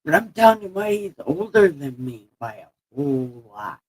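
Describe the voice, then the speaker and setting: A woman's voice: deep voice, sing-song, moderate pace, a little mellow, poor audio. A woman live-streaming in casual chat, her speech slurred and lisping from a sore mouth with missing teeth, rambling, laughing at herself and swearing freely. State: sore mouth after having teeth pulled.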